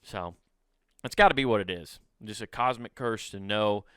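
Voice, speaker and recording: A man's voice: fairly low pitch, normal speed, fairly bright tone, clean tone, no room sound, studio quality. A man in his thirties, a comedian hosting his podcast, ranting and cursing through a comic monologue and acting out little scenes. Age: 30s. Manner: profane, ranting, acts out bits in a raised voice.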